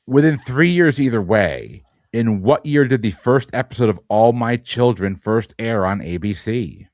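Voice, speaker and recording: A man hosting a trivia game, reading questions briskly and teasing the players. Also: medium pitch, animated, a little mellow, dry recording, clean studio sound. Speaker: quizmaster.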